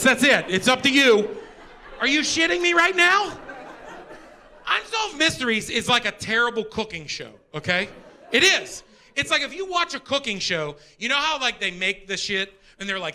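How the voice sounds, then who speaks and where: A middle-aged male stand-up comedian, doing an energetic, profane, exasperated set on a live stage. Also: very high voice, moderate pace. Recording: live show with audience laughter.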